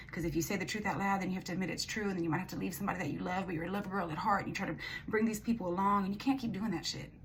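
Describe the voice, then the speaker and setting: A young woman reads tarot in a casual monologue, blunt and animated, cursing freely. Her voice sits on the lower side. A faint hiss of background noise runs under the recording. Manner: blunt, swearing, emphatic and animated. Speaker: tarot reader.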